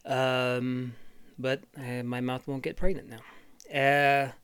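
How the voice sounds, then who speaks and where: Casting: man, solo comedy host, profane rambling riffs, bright crisp voice. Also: medium pitch, level tone. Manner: profane, rambling, halting with fillers. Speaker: podcast host.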